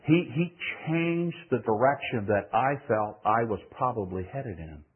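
An older man preaching, telling a story from his youth in an animated voice that swings between loud and hushed. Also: mid-range voice, a little slow, husky. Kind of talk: sermon testimony. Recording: tinny phone-like sound.

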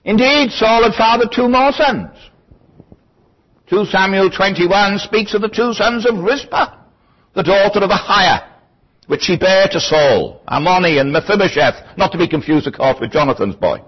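Lively, husky-voiced man teaching scripture. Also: sits high, normal speed. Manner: thoughtful, digressive, lecturing with asides. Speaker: Bible teacher. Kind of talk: verse-by-verse Bible teaching. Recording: dull lo-fi recording.

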